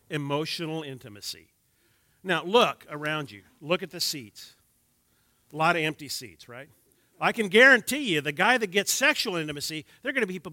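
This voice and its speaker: An older man in his sixties leads a church class on marriage, working through his slides and dropping wry jokes for the room. His voice sits a little high for a man and sounds bright and forceful. The sound is close and dry. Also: no room sound. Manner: wry, joking asides to the audience.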